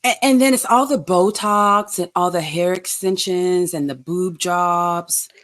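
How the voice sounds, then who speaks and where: A woman co-hosting a podcast, chatting casually about reality TV with teasing remarks and quick agreement. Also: fairly low pitch, fairly bright tone. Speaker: podcast co-host. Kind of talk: casual reality TV recap chat.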